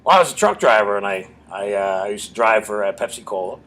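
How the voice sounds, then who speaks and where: A man's voice: lowish voice, animated, fast talker, a bit bright. A middle-aged man, a comedy club owner and comedian, telling crude, self-mocking stories in an interview at a bar's open mic night. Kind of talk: storytelling in an interview.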